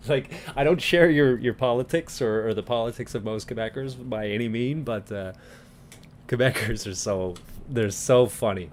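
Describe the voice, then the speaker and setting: Man, light Newfoundland townie accent, casual livestream chat, laughs a lot, stammers, faint background hum. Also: mid-range voice. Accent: light St. John's Newfoundland. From Newfoundland, Canada. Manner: laughing often, stammering restarts. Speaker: livestream host. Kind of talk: casual chat reacting to viewers.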